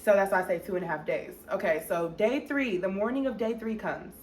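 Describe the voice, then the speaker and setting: A young woman vlogger telling a storytime in an animated, expressive way, with many fillers. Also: medium pitch, brisk. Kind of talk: storytime narration. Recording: echoey room with faint noise.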